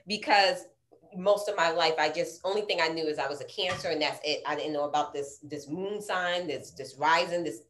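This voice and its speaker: A woman's voice: low voice, normal speed, a bit bright, echoey room. A woman asking questions in casual chat, earnest and a little repetitive. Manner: earnest, curious, repeats herself.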